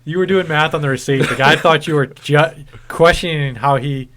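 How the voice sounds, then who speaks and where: A man co-hosting a casual podcast, his voice sitting a little higher than most men's. He swears freely and tells stories with animated energy. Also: normal speed, slight background noise. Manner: profane, animated storyteller. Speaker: podcast co-host. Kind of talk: casual chat.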